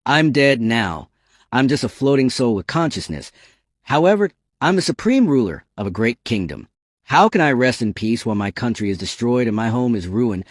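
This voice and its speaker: Man voicing a bratty ghost boy-king, petulant, lively pitch, dry close sound. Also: normal speed, no room sound, close to an everyday voice. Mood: proud. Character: boastful ghost boy-king, childish and lovestruck.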